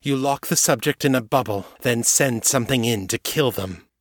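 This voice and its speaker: A man reading the part of a determined woman leading a rescue, in a calm, clipped, commanding way. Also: medium pitch, normal speed, no echo, clean studio sound, lightly acted. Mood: grim resolve.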